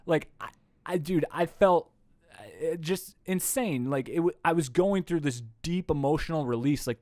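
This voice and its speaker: A man, a podcast guest, telling a story in a casual, animated way, swearing freely. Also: fairly high pitch, no echo, clean studio sound. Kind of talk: casual conversation. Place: indoor room.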